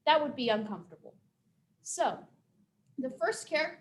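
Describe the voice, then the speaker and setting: A young woman telling a folk tale to children and then teaching them simple words, expressive and careful. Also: sits high, a little hiss or hum. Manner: expressive, dramatic storytelling to children; slow, careful pronunciation drills. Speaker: storyteller and teacher. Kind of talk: children's storytime reading and teaching.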